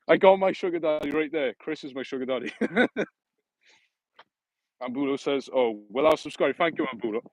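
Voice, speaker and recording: A man's voice: a little high, normal speed, long pauses, no echo, poor audio. A young man chatting casually on a live stream, joking and answering viewer comments while walking outdoors.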